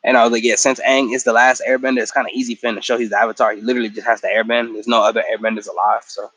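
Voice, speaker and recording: A man's voice: medium pitch, level tone, rapid-fire, fairly bright tone, poor audio. Tired man giving a slangy, profane recap. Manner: slangy, profane, acts out characters' lines mid-story. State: tired after a work shift. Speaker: show recap vlogger. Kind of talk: casual episode recap.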